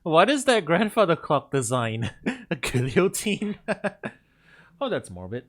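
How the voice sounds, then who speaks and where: A man's voice: a little high, sing-song, measured pace, a bit bright. A man streaming a game, chatting casually and laughing often, poking fun at himself as he reads along. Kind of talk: casual gameplay commentary.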